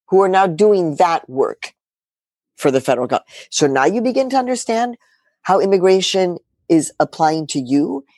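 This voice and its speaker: Middle-aged woman journalist, lively swooping delivery, emphatic and sarcastic, dry close sound. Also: deep voice, dry recording. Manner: emphatic, rhetorical questions, sarcastic asides. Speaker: journalist guest. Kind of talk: animated political interview talk.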